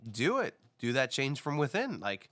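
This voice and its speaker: So-cal guy on a podcast, bright voice, keeps repeating himself, fired up. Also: medium pitch, normal speed. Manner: animated, urging, repeats himself. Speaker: podcast co-host. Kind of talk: casual podcast chat.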